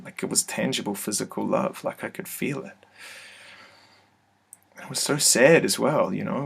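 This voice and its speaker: A man telling a personal story to his webcam in an office, hesitant and soft-spoken, full of fillers and restarts. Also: lowish voice, normal speed, creaky, pauses often, slightly rough. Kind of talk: casual first-person testimony. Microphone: computer webcam mic.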